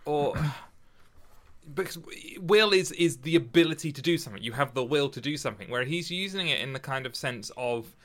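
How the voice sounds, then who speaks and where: Male co-host with a bright voice, thinking aloud in a casual literary chat. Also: on the high side, expressive. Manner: halting, restarts often, thinks aloud. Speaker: podcast co-host discussing poetry.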